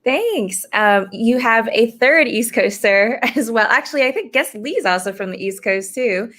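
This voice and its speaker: A woman's voice: a little high, animated, unhurried. Enthusiastic woman guest on a panel. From New Jersey and Boston. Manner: warm, enthusiastic, laughs easily. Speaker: reverend, returning guest. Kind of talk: casual online panel conversation.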